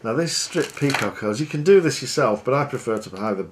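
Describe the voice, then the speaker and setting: A man, working as a fishing guide, talking through a fly tying demonstration in a chatty, relaxed, self-deprecating way. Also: medium pitch, brisk, a little hiss or hum.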